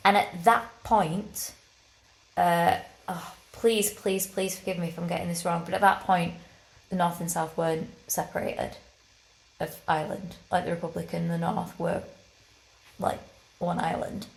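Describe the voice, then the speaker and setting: Giggly rambling woman co-host, gravelly. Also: lowish voice, fairly even intonation, measured pace, roomy sound, low-quality recording. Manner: rambling, self-correcting, giggly. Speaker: podcast co-host. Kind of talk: casual chat.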